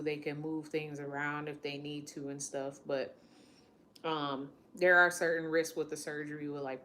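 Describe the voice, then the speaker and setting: A woman's voice: low voice, a bit bright, a little hiss or hum. A woman in her late twenties telling a personal story in a candid, emotional way, often quoting what others said to her. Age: late 20s. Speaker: vlogger.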